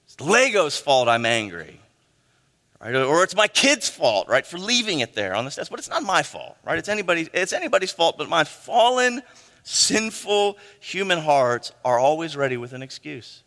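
A middle-aged man preaching a sermon, animated, with frequent "right?" asides to the congregation. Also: on the high side, moderate pace. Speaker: pastor. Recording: long hall reverb.

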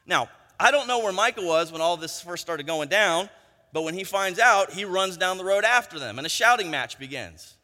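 Guy preaching, chatty storyteller, keeps asking right?, bright high voice, echoey hall. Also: expressive, normal speed. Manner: conversational storytelling, frequent tag questions. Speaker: pastor. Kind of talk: sermon. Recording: long hall reverb.

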